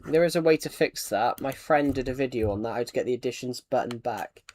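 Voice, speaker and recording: A man's voice: medium pitch, a little fast, darkish tone. A man with an English accent chatting casually on a gaming live stream, often repeating and restarting his phrases while he answers chat.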